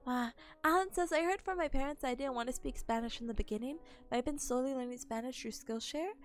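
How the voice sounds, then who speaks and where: Soft lofi music plays as a young woman streams her casual study session, speaking fast in a high-pitched voice. She's a bubbly, chatty student streamer who laughs a lot as she talks.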